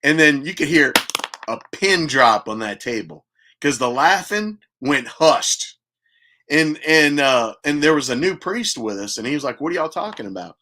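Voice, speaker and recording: Older man rambling through a bright story. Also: fairly high pitch, lively intonation, unhurried. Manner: chatty, laughs at his own stories. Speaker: podcast host.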